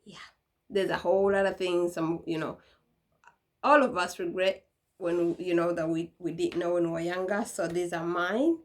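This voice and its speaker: A woman's voice: lowish voice, steady tone, moderate pace. A young woman talking casually to camera in a vlog, chatty and laughing, acting out what her mom used to say. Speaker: vlogger.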